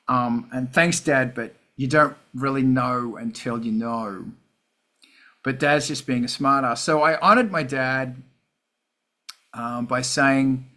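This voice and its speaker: Bright-voiced man, casual and sweary. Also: medium pitch, a little slow. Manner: self-deprecating, swears often, reads lyrics aloud. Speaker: podcast host and musician. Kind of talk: casual chat about songwriting.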